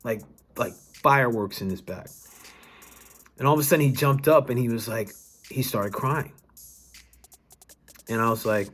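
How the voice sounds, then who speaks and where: A man's voice: medium pitch, moderate pace, pauses often. A young adult man, a wellness coach, telling a personal story to camera in an earnest, emphatic way, restarting sentences and swearing now and then.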